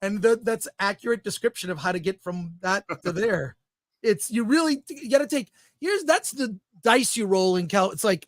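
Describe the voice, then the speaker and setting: A man hosting a podcast, chatting casually with a lively, jokey, announcer-like delivery. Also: high-pitched, moderate pace, few pauses, no echo, clean studio sound. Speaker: podcast host. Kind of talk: casual show chat.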